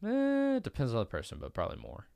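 A man's voice: mid-range voice, huge pitch swings, fast talker, vocal fry, a little mellow, no echo. A young man hosting a podcast in casual chat, rambling with restarts and casual swearing. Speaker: podcast host.

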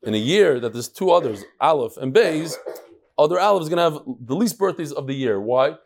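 In a study hall with a live audience, a rabbi gives his daily class casually, joking with the room between lessons. His voice runs on the high side, brisk and gravelly yet a little mellow, with lively intonation.

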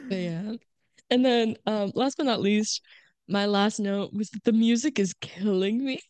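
A woman co-hosting a podcast in casual chat, animated and acting out quoted lines. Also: medium pitch, measured pace, dry recording. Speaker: podcast co-host.

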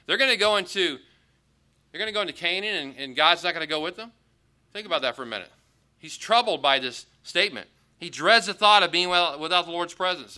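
Bright-toned man preaching a sermon. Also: on the high side. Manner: conversational preaching, acts out quoted lines with rising emphasis. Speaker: pastor. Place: auditorium.

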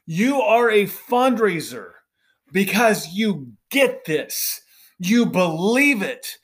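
Earnest, slow-talking male podcast host. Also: high-pitched, sing-song, slightly rough. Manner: earnest, preachy, often asks "right?". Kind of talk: podcast monologue to fundraisers.

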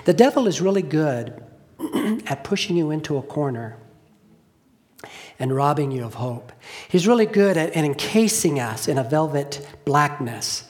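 A man's voice: fairly high pitch, sing-song, a little slow. Earnest man preaching his testimony. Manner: earnest storytelling, drops to hushed tones. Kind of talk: sermon testimony.

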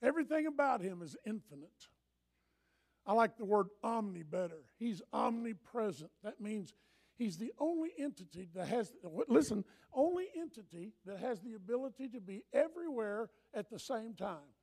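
A man preaching a sermon in an animated, impassioned way, often breaking into shouts. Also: high-pitched, moderate pace.

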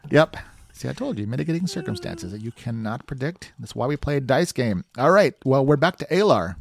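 A man's voice: medium pitch, big pitch swings, a little fast, gravelly, slight background noise. A man narrating a tabletop game as game master, reacting openly to the dice rolls.

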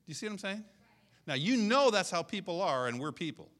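A man in his sixties preaching a sermon in an animated, conversational way, repeating his key phrases. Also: medium pitch, brisk. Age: 60s. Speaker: pastor.

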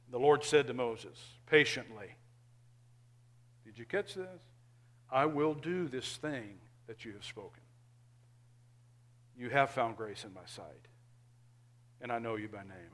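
A male pastor, preaching a sermon earnestly and emphatically, now and then dropping to quiet asides. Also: medium pitch, a little slow.

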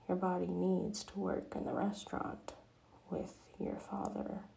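Grumpy dad cook voiced by a woman, low mellow whisper, whispered role-play. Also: level tone, unhurried, vocal fry, a little hiss or hum. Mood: exasperated.

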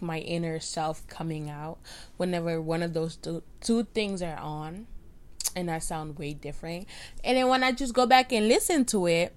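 A young woman in her late teens, whose first language is Spanish, rants on her own podcast in a rambling, self-mocking flow. Her voice sits a little low for a woman, and her loudness and pitch jump often. She records on a cheap home microphone. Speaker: podcast host. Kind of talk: casual rant. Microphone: cheap home USB microphone.

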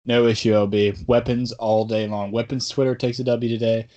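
A man's voice: medium pitch, flat delivery, normal speed, dark tone, muffled recording. A man hosting a casual sports podcast, talking in a rambling, bantering way. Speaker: podcast host.

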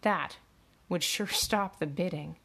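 A woman's voice: lowish voice, takes it slowly, gravelly, a bit bright, breathy edge, exaggerated voice. A woman doing a curt, scoffing official. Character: dismissive male estate official in a suit.

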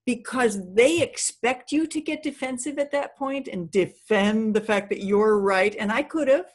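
A middle-aged woman giving a seminar talk on communication skills, telling personal stories in an animated way and acting out what people said. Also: a little high, measured pace. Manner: animated storyteller, acts out quotes.

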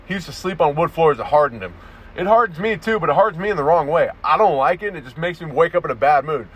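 A young man hosts a comedy podcast, ranting crudely outdoors in a town near parked cars and saying "dude" constantly. His voice is a little high, animated, quick and a bit bright with a breathy edge. He records on a phone held close to his face, with faint street noise.

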